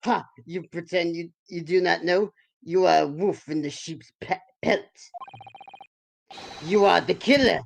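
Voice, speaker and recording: A woman's voice: lowish voice, measured pace, vocal fry. A woman voicing a stern male Russian ship officer with a put-on Russian accent, accusing in a clipped, formal way.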